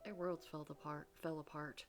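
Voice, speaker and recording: A woman reading the lines of a shy, gentle divorced man in a story game, speaking hesitantly with pauses and restarts. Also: low-pitched, steady tone, soft background music, natural voice. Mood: tender. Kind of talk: reading game dialogue aloud.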